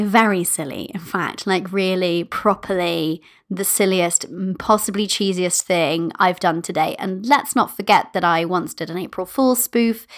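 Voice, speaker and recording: A woman hosting her own podcast, chatting in a bubbly, playful and affectionate way and giggling often. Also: fairly low pitch. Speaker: podcast host and manifestation coach. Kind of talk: casual solo podcast chat.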